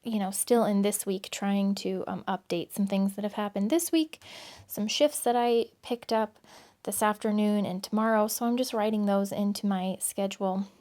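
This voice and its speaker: A woman's voice: medium pitch, fairly even intonation, normal speed, warm tone. A woman chatting casually as she sets up a planner, rambling with many fillers and little laughs, recorded at home. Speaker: planner vlogger.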